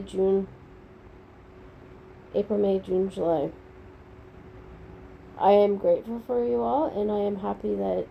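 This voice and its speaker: A middle-aged woman talking to her viewers in a casual, rambling diary-style vlog, unhurried and thankful. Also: medium pitch, vocal fry, muffled recording, a little hiss or hum. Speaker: vlogger.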